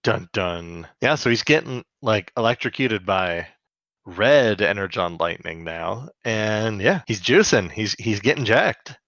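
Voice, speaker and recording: A man's voice: on the low side, expressive, a little slow, fairly bright tone, no echo. A man co-hosting a podcast, joking and laughing through a casual episode recap. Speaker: podcast co-host. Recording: dull lo-fi mic.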